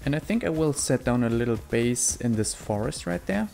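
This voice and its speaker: A man's voice: medium pitch, moderate pace, creaky, music in the background. A man casually commenting on his own survival gameplay, talking plainly about his plans and moves into a close desk microphone. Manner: excitable, swears a lot when fighting; calm, chatty explaining. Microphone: desk mic close up.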